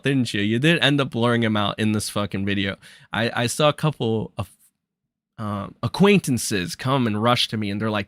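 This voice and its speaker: A man's voice: lowish voice, normal speed, a bit bright, no room sound, studio quality. A young man hosting a live stream, talking in a rambling, exasperated and profane way. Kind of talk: casual live-stream commentary.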